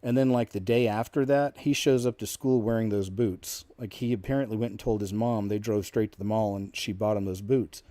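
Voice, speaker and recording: A man's voice: on the low side, fairly quick, hardly any pauses, warm tone, no echo. A man in his fifties, a channel host, telling a personal story casually and rambling into asides. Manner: rambling, with many asides and restarts.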